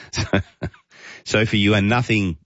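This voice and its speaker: A man's voice: on the low side, fairly even intonation, takes it slowly, fairly bright tone, no room sound, lo-fi sound. A man with an Australian accent hosting casual talkback radio, chatting and reading out listener texts with chuckles. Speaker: talk radio host.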